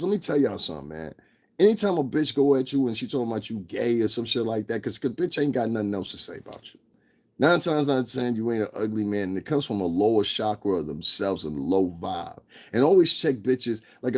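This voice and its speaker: Husky-voiced man ranting on camera. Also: lowish voice, a little mellow. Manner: profane, blunt, emphatic, laughs between points. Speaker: vlogger. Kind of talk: ranting commentary.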